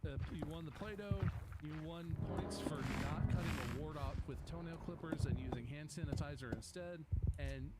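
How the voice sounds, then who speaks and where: A man's voice: a little high, normal speed. A man hosting a casual gaming chat, reading out points with a playful, laughing manner. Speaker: host tallying points. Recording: loud background noise.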